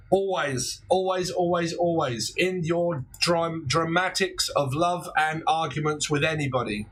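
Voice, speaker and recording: Reading tarot live, a man in his forties keeps it chatty, laughing between points and launching into dramatic quoted exclamations. His voice is a little high and a bit bright. The low-quality audio carries some hiss or hum.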